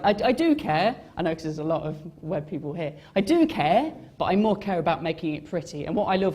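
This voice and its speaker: This young man's voice is on the high side with a darkish tone as he gives an informal talk on his design work. It's a live event and he's on stage, rambling, mocking himself, and leaning on fillers and restarts.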